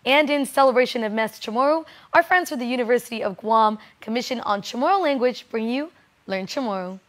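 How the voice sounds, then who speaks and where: A woman news anchor reading scripted stories and segment teasers in a smooth, even way. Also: on the high side, fairly quick. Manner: smooth, even newsreader delivery.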